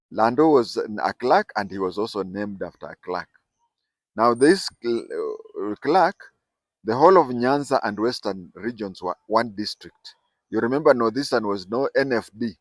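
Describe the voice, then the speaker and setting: A man's voice: on the low side, no room sound. Older Kenyan man telling a rambling family story. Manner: digressive, repeats and corrects himself mid-sentence. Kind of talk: casual oral storytelling.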